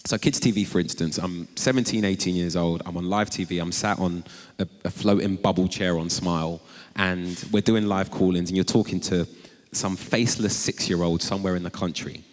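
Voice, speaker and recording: Man, low voice, animated storyteller, stage talk, long hall reverb. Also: a little fast. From North London. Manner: animated, jumps up high for quoted exclamations. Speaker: author and guest. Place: large chapel before a live audience.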